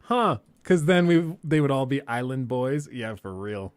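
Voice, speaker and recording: A man's voice: mid-range voice, animated, a little slow, few pauses, clean tone, dry recording. A young man hosting a live stream, chatting casually with viewers in a rambling, joking way and laughing often.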